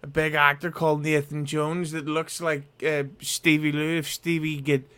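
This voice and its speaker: A man's voice: a little high, level tone, normal speed, pushed and bright, smooth. A man co-hosting a casual podcast over a video call, teasing the others with crude shock humor.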